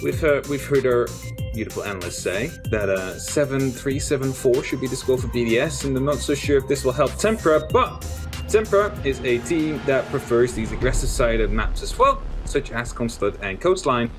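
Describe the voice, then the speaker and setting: A male esports caster calling a live match in a light, joking way, quick to laugh at his own fumbles. His voice sits at an ordinary middle pitch, and faint music plays under it. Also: expressive. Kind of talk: live game commentary.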